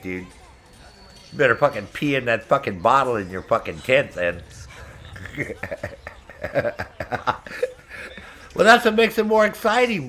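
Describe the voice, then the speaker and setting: A man's voice: fairly high pitch, fairly bright tone. Middle-aged male game streamer, foul-mouthed and brash, laughs a lot while chatting with viewers. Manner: profane, brash, laughs often. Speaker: gaming streamer. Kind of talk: casual chat with stream viewers.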